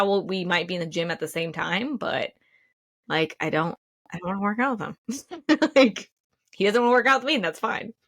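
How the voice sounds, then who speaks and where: A woman's voice: on the low side, a bit bright, no room sound. A woman co-hosting a podcast in casual chat, talking loosely with lots of fillers and laughing easily. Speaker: podcast co-host.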